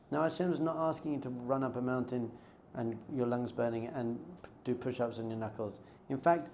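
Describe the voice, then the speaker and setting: A man's voice: a little high, warm tone, a little hiss or hum. A man, a rabbi, giving an informal class, telling stories and acting out bits of dialogue. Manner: conversational, storytelling with acted-out dialogue.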